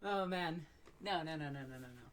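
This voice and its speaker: A woman with a low-pitched voice hosts her own live stream from home at her computer. She rambles loosely, mocks herself, and swears without a second thought. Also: normal speed, a little hiss or hum. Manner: rambling, self-mocking, swears freely. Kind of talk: casual live stream chat.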